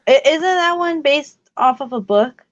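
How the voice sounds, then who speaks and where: A woman's voice: sits high, lively intonation, measured pace, no echo, muffled recording. A woman co-hosting a casual livestream, chatty and giggling often. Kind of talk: casual horror movie chat.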